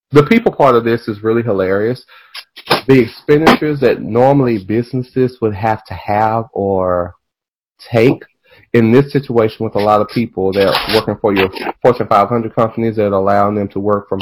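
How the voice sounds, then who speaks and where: A man hosting a podcast in casual chat, animated and profane, drifting into tangents and laughing as he talks. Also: fairly low pitch, background noise. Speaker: podcast host.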